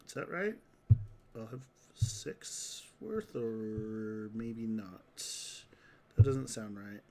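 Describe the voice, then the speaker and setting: A man's voice: lowish voice, big pitch swings, drawn-out words, mellow, slight background noise. A man streaming a mobile game live, chatting casually and reacting to his chat, saying "dude" a lot. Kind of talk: casual livestream commentary.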